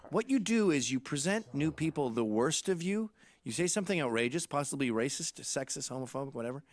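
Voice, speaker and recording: Animated, irreverent male podcast host. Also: a little high, fairly quick. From Canada. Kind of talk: comedic monologue.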